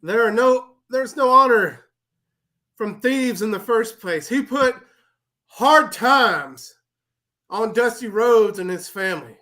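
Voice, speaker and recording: A man doing an impression of a fiery old-school male wrestler cutting a promo, preaching with drawn-out emphasis and a voice pushed far above his own. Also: very high-pitched, expressive, bright, forceful tone, pitched above the performer's own voice, full character voice.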